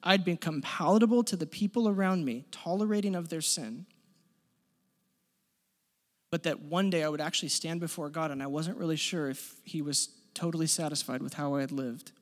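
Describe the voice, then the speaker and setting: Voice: medium pitch, normal speed. Emphatic preacher in a reverberant church. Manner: emphatic, repeats key lines for stress; leads the congregation in spoken declarations. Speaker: pastor. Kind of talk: sermon. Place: church sanctuary. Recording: long hall reverb.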